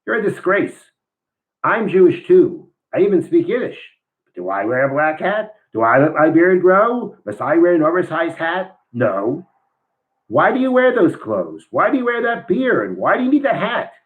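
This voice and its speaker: A man's voice: medium pitch, very animated, normal speed, narrow, tinny audio, natural voice. A man voicing a scornful, indignant secular businessman in a story he reads aloud during a class. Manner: shouting, scornful, then contrite.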